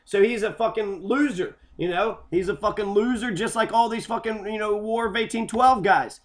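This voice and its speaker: Speaking at a moderate pace in a high-pitched voice, a man from Kentucky rants sarcastically about local history, his monologue heated and full of profanity.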